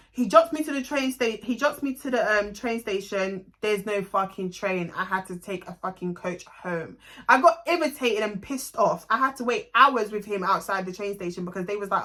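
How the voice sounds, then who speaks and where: A young woman with a London accent tells a storytime tale in a casual vlog. She is blunt, swears freely and tells it with animated energy. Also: mid-range voice, brisk. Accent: London English. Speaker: vlogger.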